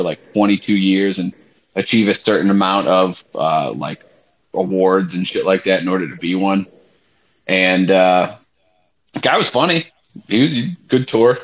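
Low-voiced young man telling a story. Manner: animated, swears freely, many fillers. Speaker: podcast co-host. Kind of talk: casual podcast storytelling. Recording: slightly muffled podcast audio.

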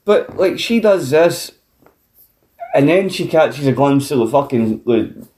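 A Scottish man co-hosting a film review podcast, retelling scenes in an animated, sweary way. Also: medium pitch, unhurried. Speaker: podcast co-host. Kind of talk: casual film review chat. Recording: roomy echo.

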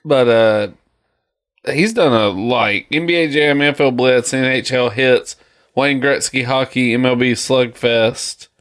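A man in his thirties, co-hosting a podcast in casual, jokey chat that rambles. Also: measured pace. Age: 30s. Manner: rambling and jokey, lively pitch. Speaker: podcast co-host.

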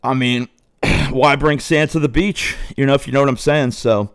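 A young man spins a profane, swaggering story in casual chat. His voice sits at an ordinary middle pitch and sounds dry and close, with no room around it. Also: fairly even intonation, normal speed, no room sound. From Southwest Ohio.

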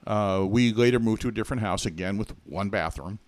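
A man's voice: lowish voice, fairly quick, no room sound. A middle-aged man from Massachusetts, telling his childhood story in a rambling, chatty podcast interview. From Massachusetts, USA. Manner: chatty, rambling, self-correcting with many asides. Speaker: podcast co-host being interviewed.

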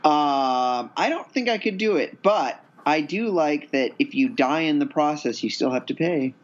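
A man's voice: a little high, measured pace, highs cut off, a little hiss or hum. A man co-hosting a casual chat, talking hesitantly with many ums and restarts. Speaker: podcast co-host.

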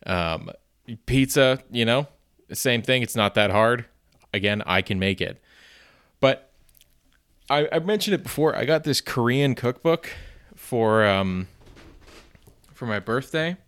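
A man's voice: medium pitch, lively intonation, slow, pauses often, fairly bright tone, clear, resonant tone. A man hosting his own podcast alone, chatting casually in a rambling, self-deprecating way with lots of "you know"s and the odd swear word. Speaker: podcast host. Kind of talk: casual solo podcast chat.

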